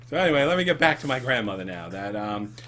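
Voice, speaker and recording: A man's voice: mid-range voice, fairly bright tone. A man hosting a casual comedy chat show, rambling with ums and laughs. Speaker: show host.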